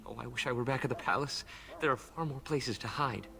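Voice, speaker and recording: A timid young elf servant in a fantasy video game, nervous and stammering. He rushes his words anxiously. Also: mid-range voice, creaky, bright, forceful tone.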